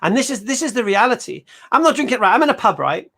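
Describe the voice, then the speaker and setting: A man hosts a livestream chat. He talks quickly and animatedly, in a high voice, and acts out the quotes in his stories. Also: sing-song, gravelly, pushed and bright. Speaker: host.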